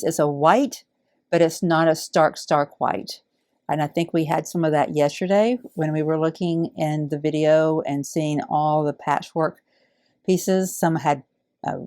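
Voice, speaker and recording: Low-voiced woman, gushing. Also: a little mellow, no echo, clean studio sound. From Alabama. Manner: heartfelt, awed, gushing. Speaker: quilting channel host. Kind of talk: casual unboxing chat.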